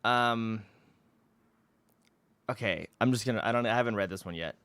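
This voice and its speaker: A man's voice: fairly low pitch, normal speed, fairly bright tone, smooth. A young man livestreaming from home, chatting casually and swearing freely, laughing at himself as he reads things aloud. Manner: loose, profane, laughs at himself. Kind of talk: casual stream chat. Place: home streaming room, indoors.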